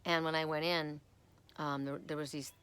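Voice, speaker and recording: Middle-aged lady with a low voice, rambling personal stories in a spiritual chat. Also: little pitch movement, normal speed, a bit bright, clean tone. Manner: chatty, storytelling, repeats words when worked up. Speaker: oracle card reader. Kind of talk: casual spiritual talk.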